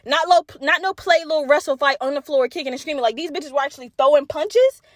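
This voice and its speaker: A high-pitched woman hosts her own podcast and tells a story with plenty of cursing. She acts out the people in it with lively reactions, and the recording is dry and close to the mic. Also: quick pace, no room sound. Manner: animated, profane, acts out quoted voices. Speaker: podcast host.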